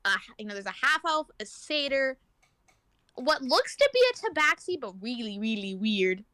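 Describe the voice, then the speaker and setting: A woman with a high voice narrates a tabletop adventure as game master, casual and rambling, stopping often for fillers and restarts. Her voice comes through dry and close, with no room sound behind it. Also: lively intonation, normal speed, pushed and bright, dry recording.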